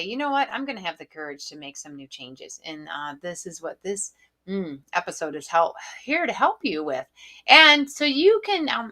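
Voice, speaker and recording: A woman hosting her own podcast, giving gentle, encouraging spiritual coaching with many fillers and softly guided breathing. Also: medium pitch. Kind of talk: solo podcast coaching talk.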